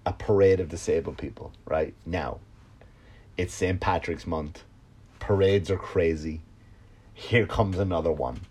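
A comedian hosting his own podcast, with a fairly low voice. He tells a rambling anecdote full of swearing, bursting loud on punchlines and then dropping to a quiet mutter. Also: a little slow, slightly rough. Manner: animated, profane, swings between loud outbursts and low mutters. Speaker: stand-up comedian and podcast host. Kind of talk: casual storytelling monologue.

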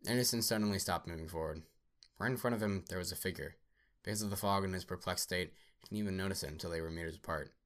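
A man reading a science fiction story aloud at a steady pace, with small slips. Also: low-pitched, fast talker. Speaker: narrator.

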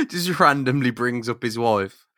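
Excitable guy cracking jokes on a podcast, bright sharp voice, dry sound. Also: medium pitch, no echo. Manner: excitable, laughing, joking. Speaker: podcast co-host. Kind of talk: casual comic chat.

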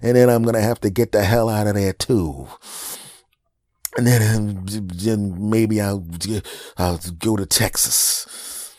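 A man's voice: fairly low pitch, takes it slowly, pauses often, a little mellow, dry recording. A man hosting a podcast, doing a rambling, self-deprecating comedic monologue.

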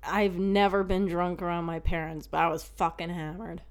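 A woman's voice: on the low side, moderate pace, clean tone. Chatty woman telling stories. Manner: animated storyteller, swears freely, laughs often. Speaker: podcast co-host. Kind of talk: casual chat.

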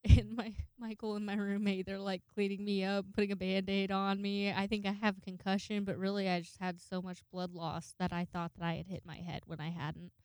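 A woman's voice: mid-range voice, flat delivery, brisk, hardly any pauses, clean tone, no room sound, studio quality. A young woman in her twenties telling a rambling, profanity-laced story in a casual monologue, acting out the voices of the people in it. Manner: rambling, swears a lot, acts out voices in quotes.

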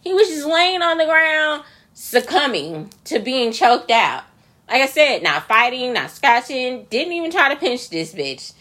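A high-voiced woman hosts a solo podcast rant, her pitch swinging widely between lines. She talks with profane, incredulous emphasis and keeps hammering the same points. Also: big pitch swings, measured pace, pushed and bright. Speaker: podcast host.

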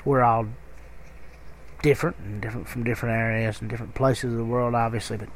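A man's voice: mid-range voice, steady tone, fast talker, a little hiss or hum. A middle-aged man with a Kentucky accent, telling a rambling story in a casual podcast monologue. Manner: rambling, conversational, with many fillers and restarts. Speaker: podcast host.

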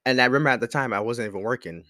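A young man on his own podcast races through a personal story, his medium-pitched voice bright and forceful. The casual monologue is candid and rambling, with slang and many restarts. It's a clean studio recording without echo, in a room with a squeaky chair.

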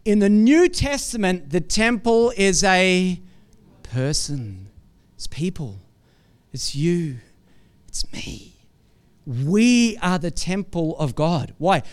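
High, clear-voiced man preaching a sermon. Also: slow pace, pauses often. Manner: conversational, quizzes the congregation with frequent "right?"; animated storytelling with acted-out asides.

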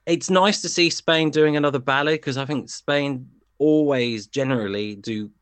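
A man's voice: medium pitch, normal speed, fairly bright tone, clear, resonant tone, dry recording. Rambling man reviewing songs, dry sound. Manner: rambling, digressive, many fillers. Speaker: song review panelist. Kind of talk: casual review chat.

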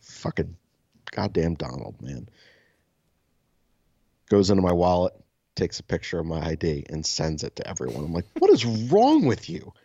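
A deep, gravelly man in his thirties, with a dark, mellow tone, rambles through a profane story as a podcast co-host. The audio is dry and a bit dull and lo-fi. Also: moderate pace, long pauses, dry recording. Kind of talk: casual podcast chat.

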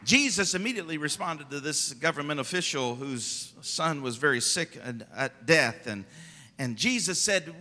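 A man pastor preaching a fervent sermon, rising to loud emphasis and dropping to quiet asides. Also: a little high, expressive, normal speed, in a large hall.

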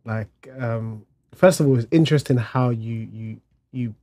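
Guy asking questions, keeps tripping over his words, normal pitch. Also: a little slow, warm tone. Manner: hesitant, stumbling, repeats words. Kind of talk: casual chat.

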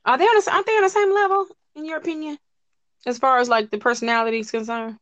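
A woman's voice: sits high, no room sound. Chatty woman co-host, dry lo-fi sound. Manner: animated, chatty, quick bursts with many restarts. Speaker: podcast co-host. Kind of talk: casual chat.

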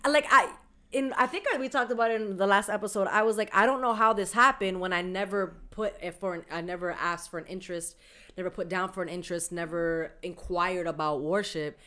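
Bright-voiced woman telling a story. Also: on the low side, a little fast. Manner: animated, laughing, acts out dialogue. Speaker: podcast co-host. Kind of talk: casual storytelling chat.

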